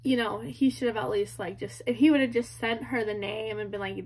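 A woman's voice: mid-range voice, steady tone, brisk, few pauses, a little mellow, husky. A woman in her early twenties giving casual commentary, rambling and filling her talk with "like" and "you know", turning to ask the audience. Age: early 20s.

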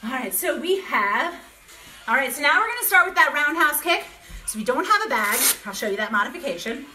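A woman instructor coaches a home kickboxing workout, calling out combos with upbeat encouragement, laughing often and getting out of breath. Her high voice is sing-song, brisk, pushed and bright, and the space is reverberant, with dogs barking nearby.

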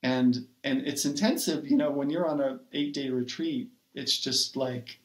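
A man who is a poet and writing coach, guest on a podcast, telling a personal story in an earnest, reflective way with many pauses and fillers. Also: medium pitch, fairly even intonation. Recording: roomy echo.

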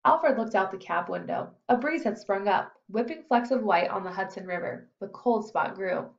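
A woman narrating an audiobook in a calm, steady reading voice. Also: mid-range voice, a little fast, gravelly, hardly any pauses, dull audio.

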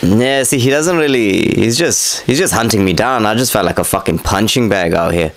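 A man's voice: fairly low pitch, lively intonation, moderate pace, low-quality recording. Candid young man breaking down his fight. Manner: candid, self-critical, heavy swearing and slang. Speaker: vlogger reviewing his own boxing fight. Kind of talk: casual fight breakdown commentary.

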